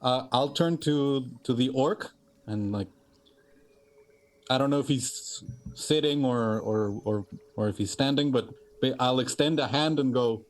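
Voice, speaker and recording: A man playing a tabletop game, animated and full of questions. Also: medium pitch, measured pace. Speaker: player. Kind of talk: tabletop role-play.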